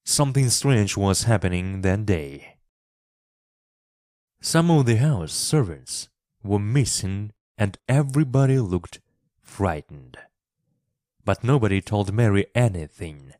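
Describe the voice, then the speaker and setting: A man narrating a classic story for English learners, reading expressively and clearly. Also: lowish voice, darkish tone, no room sound, studio quality.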